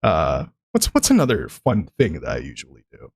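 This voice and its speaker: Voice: low-pitched, huge pitch swings, normal speed, husky, no room sound, studio quality. A streamer in casual chat about voice acting, rambling and chatty with many fillers.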